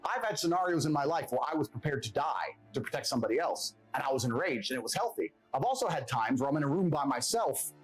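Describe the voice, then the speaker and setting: A man's voice: mid-range voice, lively intonation, fast, few pauses, faint music behind, low-quality recording. A man who grew up in England delivers a blunt, profane, self-assured motivational monologue as a podcast guest.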